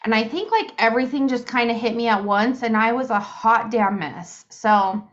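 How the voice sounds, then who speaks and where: Podcast co-host: giggly woman in her thirties, fairly high voice, muffled lo-fi sound. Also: animated, moderate pace. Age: 30s. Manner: chatty, giggly, lots of fillers. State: hiccups. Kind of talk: casual chat.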